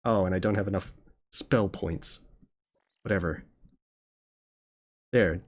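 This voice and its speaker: A man's voice: low voice, slow. A man hosting a let's play, chatting casually, chuckling and reading the on-screen game text aloud. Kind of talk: casual gameplay commentary.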